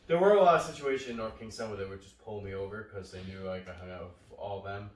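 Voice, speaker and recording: Low-voiced man rambling through an anecdote. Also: fast. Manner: relaxed, rambling anecdotes with swearing. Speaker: podcast co-host. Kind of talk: casual chat. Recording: roomy, distant mic.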